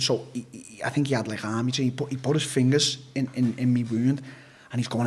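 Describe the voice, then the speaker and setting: A man's voice: medium pitch, fairly even intonation, fast talker, slightly rough. Blunt, swearing man telling a story. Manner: blunt and profane, with acted-out quotes. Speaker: interview guest. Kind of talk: casual storytelling.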